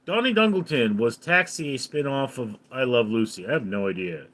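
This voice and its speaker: A man's voice: mid-range voice, animated, moderate pace, fairly bright tone. A man hosting a casual live stream, reading viewer comments aloud and answering them offhandedly. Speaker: livestream host.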